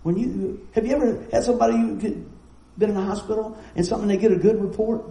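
A middle-aged man, preaching a sermon in a folksy, storytelling way with quick asides. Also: high-pitched, steady tone, gravelly, dark tone, echoey room, rough recording. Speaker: pastor.

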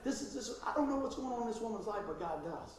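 A man preaching and telling a story, acting out both sides of the dialogue and swinging between loud and hushed. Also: extremely high pitch, expressive, fast talker, slight background noise. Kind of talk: sermon storytelling. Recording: echoey hall, from a distance.

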